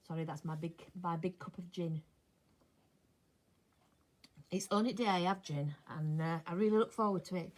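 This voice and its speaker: An older woman chatting casually as she sews, talking to herself and dropping into soft mutters. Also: on the low side, brisk. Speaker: sewing vlogger. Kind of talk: casual chat while sewing. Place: home sewing room. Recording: clear sewing machine noise behind.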